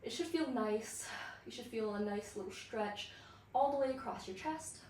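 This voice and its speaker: A woman leading a pilates class, giving slow counting cues with light laughs and sounding out of breath. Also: a little high, a little mellow, slight background noise. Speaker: pilates instructor. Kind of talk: guided workout class. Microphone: built-in device mic. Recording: echoey room, far from the mic.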